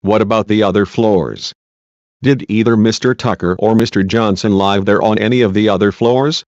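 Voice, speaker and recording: A man's voice: lowish voice, steady tone, normal speed, a little mellow, dry recording, lightly acted. A man voicing a persistent female defense lawyer who asks pointed, repeated questions in a deposition. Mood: pressing. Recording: dull lo-fi dry recording.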